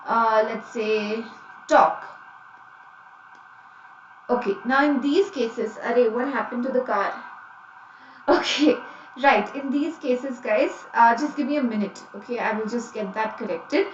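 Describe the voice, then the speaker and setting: A woman's voice: fairly high pitch, slow pace, pauses often, a little hiss or hum. A woman with an Indian English accent teaching an online grammar lesson, mixing in Hindi and checking in with her class often. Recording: dull, echoey, a bit distant.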